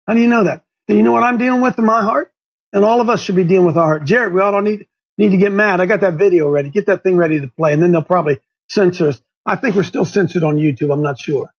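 High gravelly fervent preaching man. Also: muffled recording. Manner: fervent, repeats points for emphasis. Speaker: talk show host. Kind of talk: preaching talk radio.

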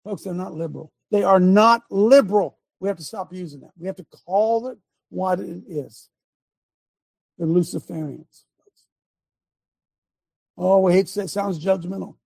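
A man with a high, gravelly voice hosts a live show and talks like a preacher, pressing every point hard. His tone has a husky edge. The sound is dry and close, with no room echo. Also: normal speed, pauses often. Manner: emphatic, preacher-like, directs a producer aloud. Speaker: host.

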